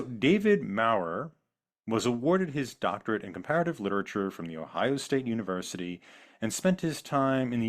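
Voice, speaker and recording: Man, podcast host, low voice, steady informative delivery. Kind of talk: conversational podcast hosting, reading background notes.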